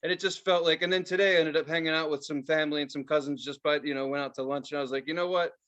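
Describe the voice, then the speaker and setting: This young podcast co-host has a voice on the high side and talks rapid-fire. His casual storytelling is heavy on cursing, with quotes he dramatizes aloud.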